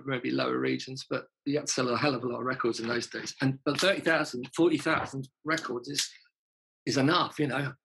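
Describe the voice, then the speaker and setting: Musician guest, gravelly husky voice, chatty storyteller with lots of swearing. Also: male voice, mid-range voice, fairly bright tone, poor audio. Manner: chatty, laughing, swears freely. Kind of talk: casual anecdotal storytelling.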